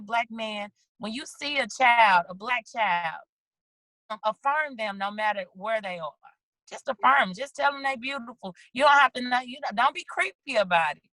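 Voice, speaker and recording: Bright-voiced woman on a video call. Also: fairly high pitch, dry recording, rough recording. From St. Louis, USA. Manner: animated storytelling, acts out little quoted lines. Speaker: guest, children's book author. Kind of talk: casual video-call interview.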